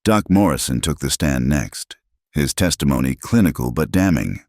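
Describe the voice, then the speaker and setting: A man's voice: extremely low pitch, lively intonation, moderate pace, a little mellow, dry recording, studio quality. A man narrating a Western story in a dramatic storytelling manner. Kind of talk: scripted narration.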